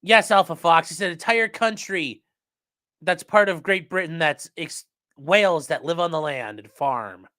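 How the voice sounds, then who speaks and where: A man whose voice sits on the high side, with a sharp tone, hosts a casual livestream at a measured pace. Jokey and rambling, he reads viewers' comments aloud as he goes.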